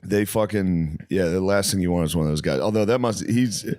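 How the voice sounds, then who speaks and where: A man co-hosting a podcast, cutting in with quick, foul-mouthed jokes. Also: deep voice, darkish tone, dry recording, clean studio sound. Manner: jokey, profane interjections. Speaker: podcast co-host. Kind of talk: casual comedic banter.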